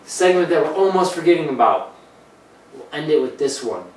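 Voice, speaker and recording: A male host chatting casually on a low-budget comedy show, rambling from one joke to the next. His voice sits back from the mic in a roomy, echoing space with a faint hum of ambience. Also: animated, a little fast. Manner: rambling, jokey, slips into put-on voices. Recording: echoey room, mic at a distance, faint ambience.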